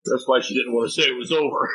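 A man preaching a sermon, telling folksy stories with sudden jumps in pitch. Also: bright, forceful tone, a little hiss or hum. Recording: tinny phone-like audio.

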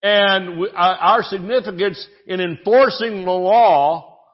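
Male pastor, sermon, chatty, joking, restarts, slightly high voice, muffled lo-fi recording. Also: slow pace. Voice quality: conversational, joking, many restarts.

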